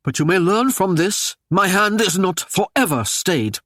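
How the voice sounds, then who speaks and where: A man's voice: sits high, animated, unhurried, a bit bright, no room sound, studio quality, voice pushed up, exaggerated voice. A man voicing a stern, commanding Norman warlord who speaks in harsh, old-fashioned phrases. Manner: harsh, commanding, archaic speech.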